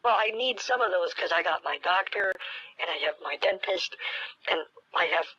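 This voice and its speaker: A woman's voice: fairly low pitch, expressive, moderate pace, bright, forceful tone, breathy edge. A woman baiting a scammer on the phone, playing dumb and rambling off-topic in a chatty way. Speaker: prank caller baiting a scammer. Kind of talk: playing dumb on a prank call. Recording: muffled lo-fi call recording.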